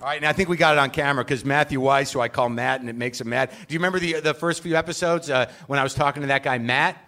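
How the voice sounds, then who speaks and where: A man's voice: medium pitch, fairly even intonation, fast, sharp tone. A man hosting a show live on stage, delivering a rambling, self-deprecating comic rant full of profanity. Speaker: podcast host. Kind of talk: live comedic monologue.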